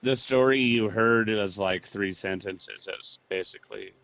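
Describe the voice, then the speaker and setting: A man with a lowish voice acts as game master, giving calm, matter-of-fact rulings to his players. His voice comes through a dull, lo-fi recording. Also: normal speed, gravelly, dry recording. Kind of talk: narrating a tabletop game. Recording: dull lo-fi sound.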